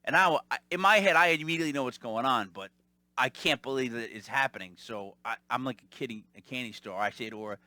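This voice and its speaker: A man hosting a podcast, telling rambling stories in a casual, animated way and mimicking the people in them. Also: mid-range voice, quick pace, no room sound. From Italian-American family. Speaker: podcast host. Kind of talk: casual storytelling monologue.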